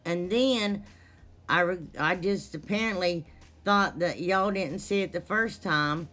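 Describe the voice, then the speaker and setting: Woman, unhurried, self-deprecating, rambling DIY vlog chat. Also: fairly low pitch, a bit bright, faint music behind. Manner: apologetic, laughing at herself, rambling. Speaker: DIY crafting vlogger. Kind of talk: casual crafting vlog narration.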